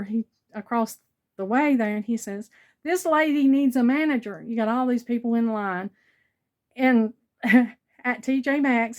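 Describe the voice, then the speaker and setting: A chatty older woman tells a shopping story to her viewers in an easygoing, conversational way. Her voice sits at an ordinary middle pitch, and she retells back-and-forth dialogue as she goes. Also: darkish tone. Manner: chatty, retelling a store encounter with quoted dialogue. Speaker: vlogger. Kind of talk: casual storytelling haul vlog.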